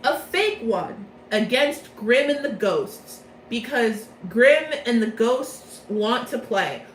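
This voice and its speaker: A woman playing a sarcastic, drawn-out headmaster with an exasperated edge, and her voice sounds a bit roomy. He hands out unfair punishments with mock patience. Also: a little high, lively intonation, slight background noise.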